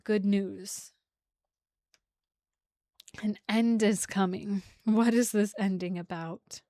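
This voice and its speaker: A woman's voice: mid-range voice, fairly even intonation, takes it slowly, mellow, dry recording. A young woman giving a casual, emotional tarot reading to her viewers, full of "like" fillers. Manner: emotional, gushing, many "like" fillers. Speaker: tarot reader.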